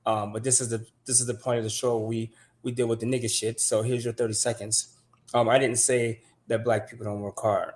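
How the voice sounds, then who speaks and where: An American man co-hosting a casual talk show, blunt and animated as he tells stories and answers comments. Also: mid-range voice, brisk. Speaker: podcast co-host. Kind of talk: casual chat.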